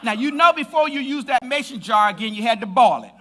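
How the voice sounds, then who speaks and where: A man preaching a lively sermon in a church, his voice high and strikingly bright. He swings through a wide melodic range, teasing the congregation and building to loud shouts. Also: a little fast, slight background noise. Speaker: pastor. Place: church sanctuary.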